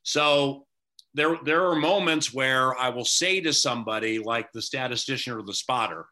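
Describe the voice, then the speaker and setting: A man's voice: medium pitch, normal speed, sharp tone. A man who works as a radio play-by-play announcer, frankly owning up to a mistake as an interview guest. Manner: candid, self-critical storytelling.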